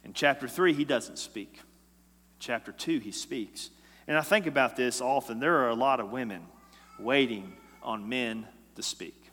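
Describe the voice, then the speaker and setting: A male pastor preaching a sermon, moving between hushed, slow passages and loud, emphatic repetition. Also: mid-range voice. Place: church sanctuary. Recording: long reverb of a large hall.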